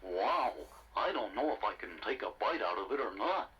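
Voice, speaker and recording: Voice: mid-range voice, sing-song, moderate pace, breathy edge, lo-fi sound. A performer voicing a hungry, easygoing male caterpillar-like creature with a folksy drawl in a storybook cassette. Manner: greedy, easygoing, talks with mouth full. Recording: loud music bed.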